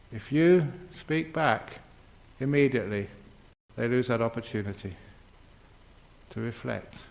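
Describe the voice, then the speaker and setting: A man speaking as a Buddhist monk, working through listeners' questions in a talk. His delivery is playful and expressive, and he leans on dramatic pauses to land each point. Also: medium pitch. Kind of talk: dharma talk answering written questions.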